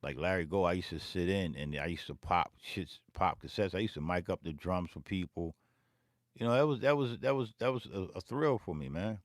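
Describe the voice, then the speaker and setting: A man from talks in a casual, profane ramble, repeating phrases as he tells a story in his own studio. His voice sits a little low and the sound is close and dry, with no room around it. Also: brisk, no room sound. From Philadelphia. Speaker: beatmaker and vlog host. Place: home music studio.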